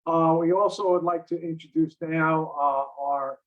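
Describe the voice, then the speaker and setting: A man runs a community board meeting and introduces each speaker in a brief, informal way. His voice sits slightly high. The audio is dull and lo-fi. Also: steady tone, measured pace. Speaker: meeting chair.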